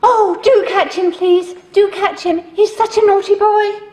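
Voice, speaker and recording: A woman's voice: very high voice, fairly even intonation, unhurried, a little mellow, long reverb tail. A woman playing a fussy, anxious lady who dotes on her lapdog, talking in cooing baby talk in a film drama. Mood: pleading.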